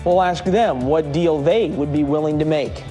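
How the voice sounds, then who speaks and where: A man anchoring a news broadcast in a smooth, conversational studio delivery. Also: a little high, moderate pace, music in the background.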